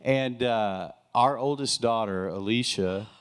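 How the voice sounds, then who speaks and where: A middle-aged man preaches about his own marriage before a congregation. He talks earnestly, leaning into his key lines and keeping the tone friendly with quick jokes. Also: mid-range voice, clear, resonant tone. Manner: earnest, preacherly, with joking asides. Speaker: pastor sharing testimony. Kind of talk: sermon-style testimony.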